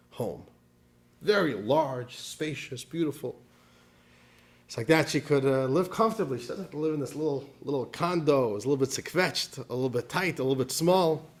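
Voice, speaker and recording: A man, a rabbi, teaching a class in an animated storytelling manner, dropping in Yiddish words. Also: medium pitch.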